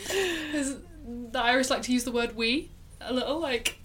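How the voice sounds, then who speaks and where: A woman's voice: on the high side, measured pace, fairly bright tone, breathy edge. A woman co-hosting a podcast in casual chat, chatty and laughing often, with plenty of ums. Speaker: podcast co-host.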